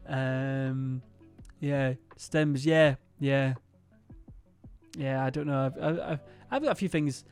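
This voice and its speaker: A man's voice: mid-range voice, slow pace, a little mellow, smooth, soft background music. A young man, chatting casually to his stream in a rambling, hesitant way full of fillers and swearing.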